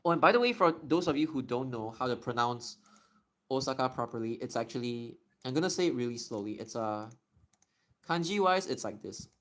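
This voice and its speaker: A young man streaming live, casually answering viewer questions in a chatty, explanatory way and slowly stretching out words to demonstrate them. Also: mid-range voice, lively intonation, a bit bright.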